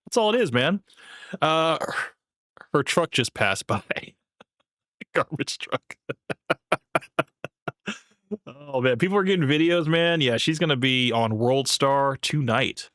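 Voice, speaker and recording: A man hosting a live stream reacts to a video, chatting casually and rambling with plenty of filler words. His medium-pitched voice is expressive and a bit bright at a moderate pace, in a studio-quality recording with no room sound.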